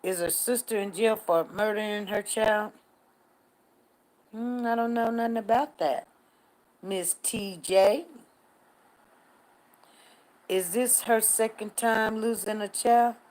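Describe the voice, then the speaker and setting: A woman's voice: mid-range voice, fairly even intonation, takes it slowly, pauses often, darkish tone, low-quality recording. An older woman speaking hosts a casual livestream, chatting with viewers and answering their comments by name. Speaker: livestream news host. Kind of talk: casual live chat reading comments.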